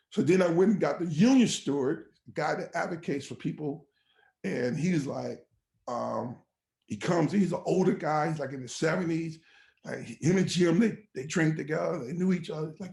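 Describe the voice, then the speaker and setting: A pastor tells a personal testimony on a podcast, acting out the voices he quotes and swinging from loud to near whisper. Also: on the high side, moderate pace, gravelly, echoey room.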